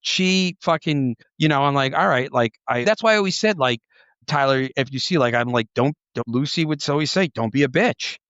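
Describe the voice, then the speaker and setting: A man's voice: mid-range voice, moderate pace, fairly bright tone, no echo, dull audio. A man who is a former police officer telling stories on a casual podcast, rambling with heavy filler words and frequent swearing. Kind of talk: casual podcast chat, storytelling.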